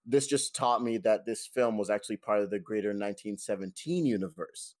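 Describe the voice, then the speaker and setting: A man's voice: lowish voice, fairly quick, a little mellow, no echo. A man hosting a casual film review podcast, rambling with many fillers and restarts. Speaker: podcast host.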